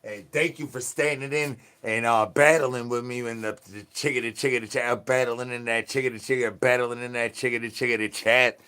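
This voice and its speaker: A man live streaming in a goofy zombie persona, rambling with sing-song rhymes and yelling at his chat. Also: medium pitch, fairly even intonation, brisk, hardly any pauses, clear, resonant tone. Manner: silly rhyming and sing-song wordplay.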